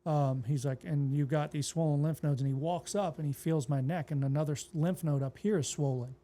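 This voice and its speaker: A man with a fairly high, mellow voice tells his own story as a guest on an interview podcast. He speaks plainly and casually and slips into quoted dialogue as he goes. He sounds like a pastor talking easily with a friend. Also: fairly quick. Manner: relaxed, plainspoken retelling that acts out quoted dialogue.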